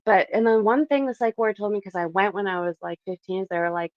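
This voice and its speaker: A woman's voice: medium pitch, fast talker, no room sound, lo-fi sound. A young woman from Canada chatting casually and animatedly with her livestream viewers from her bedroom, laughing often. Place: home bedroom.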